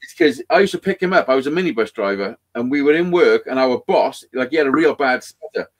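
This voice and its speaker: A man's voice: mid-range voice, quick pace. A man telling a rambling, sweary story in casual chat. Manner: rambling, heavy swearing, animated. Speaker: podcast guest storyteller.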